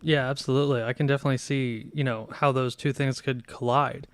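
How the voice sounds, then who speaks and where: A man's voice: medium pitch, steady tone, a little fast, clean tone, dry recording. A man hosting a podcast interview, affirming his guest before asking questions. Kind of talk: interview conversation.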